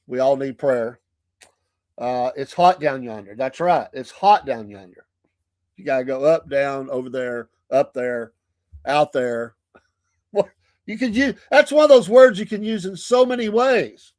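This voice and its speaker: A man's voice: fairly high pitch, a little mellow, no room sound, clean studio sound. A man with a Southern US accent hosting a morning talk show, chatting casually and laughing often between remarks. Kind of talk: casual chat.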